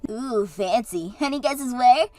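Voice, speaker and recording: A woman's voice: on the high side, expressive, measured pace, a little mellow, no echo. A woman voicing Katie, a bubbly and encouraging sister and maid of honor, in a scripted story drama. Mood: cheerful.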